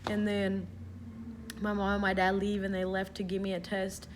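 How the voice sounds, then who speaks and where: A woman's voice: mid-range voice, completely flat delivery, moderate pace, heavy background noise. A young adult woman vlogging, telling a story in a casual, chatty way, swearing freely and saying "like" a lot.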